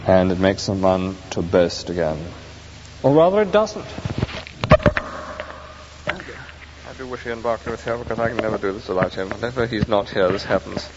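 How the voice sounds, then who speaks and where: A man's voice: fairly low pitch, expressive, normal speed, long pauses. A man preaching an earnest, emphatic sermon, explaining scripture to his congregation. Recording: dull echoey hall recording with faint hiss.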